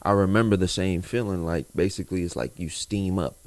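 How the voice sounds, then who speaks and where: A man's voice: low voice, fairly quick, darkish tone, no echo. A man co-hosting a casual podcast, talking in a laid-back, knowing way with plenty of slang. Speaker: podcast co-host. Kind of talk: casual chat.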